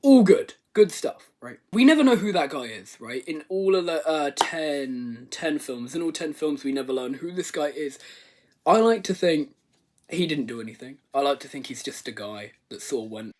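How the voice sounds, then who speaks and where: A man's voice: fairly high pitch, animated, normal speed, darkish tone, a little hiss or hum. A man giving a rambling, comedic movie review rant, swearing and exaggerating. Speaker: video reviewer.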